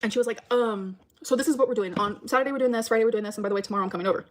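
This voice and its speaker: A woman's voice: a little high, racing. A woman telling a rambling story to camera in a casual vlog, full of fillers and acted-out quotes.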